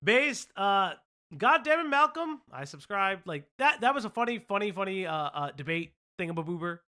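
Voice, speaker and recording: A man's voice: high voice, very animated, moderate pace, sharp tone. A man hosting a casual commentary stream, rambling, laughing often and swearing.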